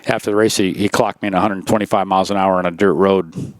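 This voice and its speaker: A man's voice: low voice, fairly even intonation, fast, no echo. A man in his sixties, a former racer telling stories in a casual interview, rambling with lots of "you know" and restarts.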